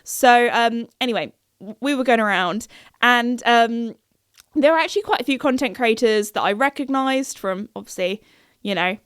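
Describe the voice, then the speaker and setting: A woman's voice: moderate pace, fairly bright tone, clean tone, dry recording, studio quality. A young woman, hosting a podcast and telling a story in a casual, chatty, giggly way. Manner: chatty, giggly, jumps into high-pitched quoted voices. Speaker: podcast host.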